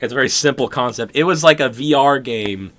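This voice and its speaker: A man's voice: mid-range voice, fairly quick, fairly bright tone. A young man co-hosting a podcast, telling a dream in casual chat, rambling and laughing often. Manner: rambling, laughs often, acts out his own reactions. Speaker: podcast co-host.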